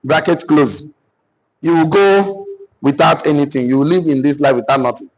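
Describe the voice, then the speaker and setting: A Nigerian man giving a motivational teaching session to entrepreneurs, mixing in faith and repeating key phrases slowly so listeners can write them down. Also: fairly high pitch, poor audio. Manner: preacher-like, cites scripture. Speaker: business mentor.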